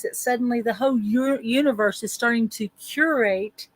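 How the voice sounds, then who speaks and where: Woman coach leading slow spoken affirmations. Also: a little high, no room sound. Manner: slow, drawn-out spoken affirmations with repeated phrases. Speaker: life coach. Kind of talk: guided affirmation session on a group call.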